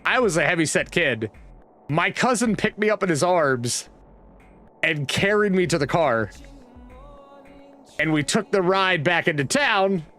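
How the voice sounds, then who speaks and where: A man's voice: sits high, animated, measured pace, long pauses, fairly bright tone, soft background music. A man from Virginia, casually telling a rambling childhood story with restarts and asides. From West Virginia, USA. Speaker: vlogger. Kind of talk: casual storytelling while browsing a map.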